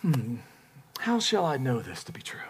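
A man voicing a doubtful old priest in a sermon, low and hushed. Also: wildly swooping pitch, moderate pace, breathy edge, heavily acted.

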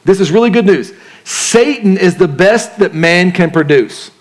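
A male pastor delivers a sermon in a conversational style, his voice sitting a little on the high side for a man. He keeps throwing questions to the congregation and slips casual slang and jokes into his teaching. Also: lively intonation, measured pace.

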